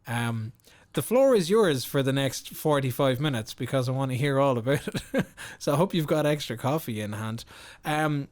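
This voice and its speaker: A man's voice: medium pitch, expressive, normal speed. A man hosting a podcast, chatting casually and rambling with lots of filler words. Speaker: podcast host. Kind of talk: casual interview chat.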